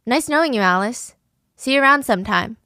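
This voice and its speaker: Menacing male attacker, curt and flat, a woman reading him in her own fairly high voice; dry, close sound. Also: fairly quick, clean tone, no echo.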